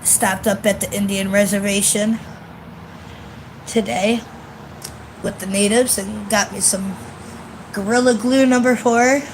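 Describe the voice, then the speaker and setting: A woman's voice: mid-range voice, fairly even intonation, a little slow, pauses often, a little hiss or hum, low-quality recording. Profane, ranting woman outdoors on a phone. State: congested. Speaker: vlogger. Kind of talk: casual venting vlog. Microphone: phone camera.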